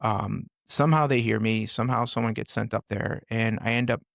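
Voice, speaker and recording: A man in his forties, a former first responder, candidly retelling hard experiences on a podcast with intense, animated delivery. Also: fairly low pitch, brisk, gravelly, dry recording, studio quality. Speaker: podcast guest, former police officer and firefighter. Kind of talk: candid personal storytelling.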